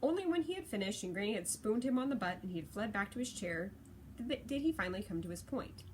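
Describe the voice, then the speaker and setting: A woman narrating a story in a gentle storytelling manner. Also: mid-range voice, lively intonation, fast talker, slight background noise, low-quality recording. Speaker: audiobook narrator.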